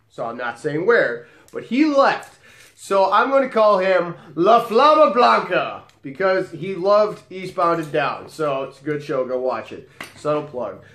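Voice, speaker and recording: A man's voice: fairly high pitch, fairly bright tone, roomy sound. A man who works as a bar bouncer, telling a story in a profane, dramatic way and acting out the dialogue. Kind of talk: storytelling vlog.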